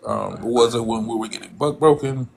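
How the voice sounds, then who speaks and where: Gravelly guy on a live panel, slow and hesitant, lots of ums, faint hiss behind. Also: mid-range voice, darkish tone. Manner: measured, hesitant, many ums. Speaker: panel guest.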